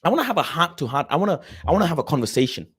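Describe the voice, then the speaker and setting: This young man's delivery is very fast and slightly rough, with big swings in pitch. He hosts a casual football stream, reading messages from viewers and passionately switching between loud rants and low mutters.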